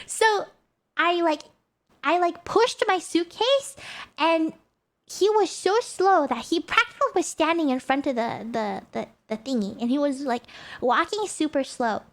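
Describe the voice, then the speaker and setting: A young woman streamer casually telling a story, animated and laughing often, with lots of "like" fillers. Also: high voice, a little slow.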